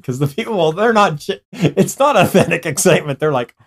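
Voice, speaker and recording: A man's voice: on the high side, sing-song, a little fast, few pauses. A man chatting casually with a co-host, playful and laughing often, sometimes imitating sounds. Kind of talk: casual chat.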